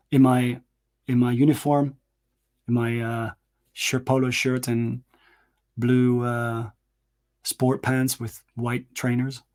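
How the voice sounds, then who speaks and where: A man in his forties recalls a story in casual talk, stopping often to find the right word and going back over phrases. His pitch stays flat and even, with little rise or fall. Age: 40s. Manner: halting, searching for words with fillers and repeats. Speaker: host.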